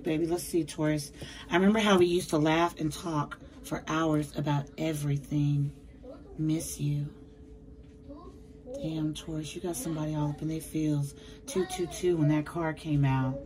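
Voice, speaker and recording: Tarot reader, woman, low deep-set voice, slangy and emphatic, reading to camera from her bedroom. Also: background noise. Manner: chatty, slangy, emphatic, addresses viewers as baby. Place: bedroom at home.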